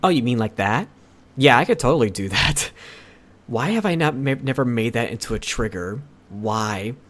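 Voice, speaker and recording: A man's voice: medium pitch, animated, normal speed, a bit bright. A young man streaming live, chatting casually with his viewers in a rambling way and often correcting himself. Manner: rambling, with frequent self-corrections. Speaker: livestreamer.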